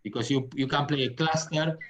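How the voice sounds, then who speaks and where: A man teaching a tango music lesson. He pauses often to find his words and sings rhythm patterns out loud with syllables. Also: medium pitch, a little hiss or hum. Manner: halting, searching for words. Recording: dull lo-fi sound.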